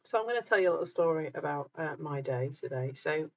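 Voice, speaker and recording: A woman's voice: low voice, expressive, quick pace, a little mellow, highs cut off. Chatty middle-aged woman hosting a live talk. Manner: chatty, reads out viewer comments, laughs at herself. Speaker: host of a live group talk. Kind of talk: casual live talk to viewers.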